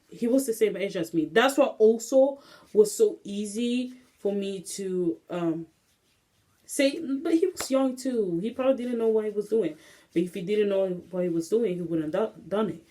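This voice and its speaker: Recorded on her phone camera, this young podcast host runs a relaxed solo show in a warm, medium-pitched voice. She wanders restlessly from thought to thought, filling gaps with plenty of fillers.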